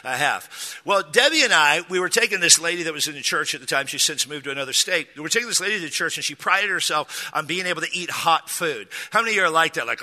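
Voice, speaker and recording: A middle-aged man from Texas preaches with a very bright, forceful tone and a slightly raised voice. He tells stories in an animated, self-deprecating way with jokey asides. His voice rings in the long reverb of a church hall. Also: on the high side, quick pace. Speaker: pastor. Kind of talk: sermon with humorous storytelling.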